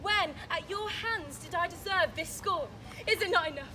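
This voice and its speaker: A woman's voice: very high-pitched, normal speed, background noise. A woman playing the lovelorn Helena in an outdoor production, delivering verse with pleading emotion. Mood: anguished. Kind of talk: outdoor stage acting of verse.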